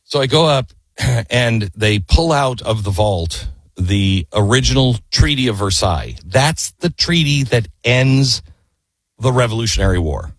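A man hosting a talk radio show, telling a story in a lively way and acting out the quoted lines with sudden jumps in pitch. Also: unhurried, dry recording.

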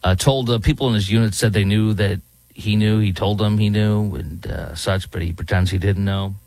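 A man's voice: fairly low pitch, steady tone, moderate pace, creaky, darkish tone, no room sound. A man hosting a talk show, ranting in opinionated political commentary and now and then mocking people with impressions. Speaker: talk radio host. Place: Dallas.

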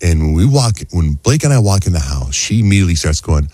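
A man's voice: fast, no room sound, clean studio sound. A man in a casual chat, telling a story animatedly and acting out other people's lines in a raised voice. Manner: animated storyteller, acts out quotes in a high voice.

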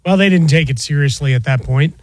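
A man's voice: fairly high pitch, fast, dry recording, studio quality. A man hosting a sports radio show, bantering and teasing his co-host in casual talk. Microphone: studio microphone.

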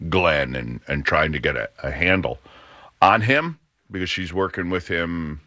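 Man, middle-aged, low and bright voice, rambling radio host, dry close mic. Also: lively intonation, measured pace, no echo, dull audio. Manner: rambling with frequent restarts and fillers. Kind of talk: casual radio talk.

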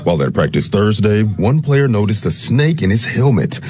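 A man's voice: lowish voice, very animated, normal speed, dark tone, slightly rough. A man reading a scripted local news report.

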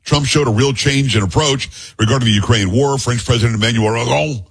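Male talk radio host, slightly husky, conversational news reader with blunt asides. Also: medium pitch, fairly quick. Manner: reads news aloud with blunt personal asides. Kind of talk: opinionated talk radio commentary.

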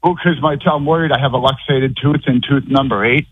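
A man's voice: medium pitch, fairly even intonation, a little fast. A man calling into a talk show by phone, rambling at length and filling his talk with "like". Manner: rambling, heavy use of "like". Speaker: caller. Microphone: telephone. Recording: tinny phone line.

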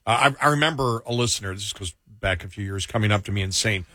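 A man's voice: lowish voice, fast talker, no room sound. A man who hosts a radio show and podcast, chatting casually and telling stories with frequent laughs. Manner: laughing, animated storytelling. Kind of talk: casual chat.

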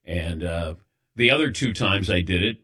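A man's voice: low-pitched, expressive, moderate pace, sharp tone, breathy edge. A man hosting a sports talk show, telling wry, self-deprecating stories in casual chat while a little lightheaded. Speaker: sports radio host.

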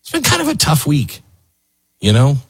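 A man's voice: fairly high pitch, wildly swooping pitch, moderate pace, vocal fry, breathy edge, dry recording. A man hosting a talk radio show, musing in an emotional, rambling monologue full of restarts.

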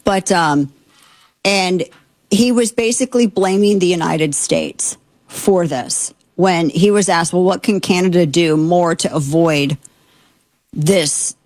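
A woman host delivers heated political commentary in a fairly low voice, indignant and exasperated, stumbling through fillers and restarts. Her voice sits close and dry, with no room sound around it. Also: slow, a little mellow, no echo. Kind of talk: opinionated commentary.

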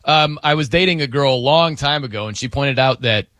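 A man's voice: mid-range voice, a little fast, fairly bright tone, no echo. A man hosting a radio show, chatting casually with a co-host, laughing and mimicking how people pronounce words. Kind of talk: casual on-air banter.

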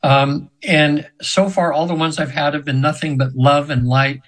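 Man, seventies, breathy voice, somewhat high, rambling interview storytelling. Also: steady tone, normal speed, fairly bright tone, low-quality recording. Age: 70s. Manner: rambling, many fillers and restarts, acts out quoted voices. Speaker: guest hypnotherapist.

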